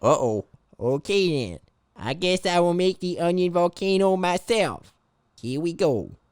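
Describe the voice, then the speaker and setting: A man's voice: high voice, expressive, a little slow, darkish tone, clear, resonant tone. A man voicing a caricature of a female politician who rambles and repeats herself.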